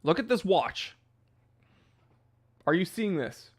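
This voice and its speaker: A man's voice: sits high, very animated, slow pace. Rambling male livestream host. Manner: rambling, loose, laughs at his own jokes. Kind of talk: casual livestream chat.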